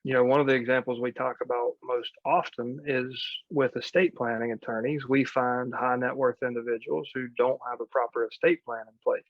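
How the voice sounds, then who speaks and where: A man with a gravelly, fairly flat voice coaches real estate investors in a live online session. He talks in a practical, conversational way. The sound is dry and a little dull. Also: mid-range voice, dry recording. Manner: conversational, practical advice with quoted asides.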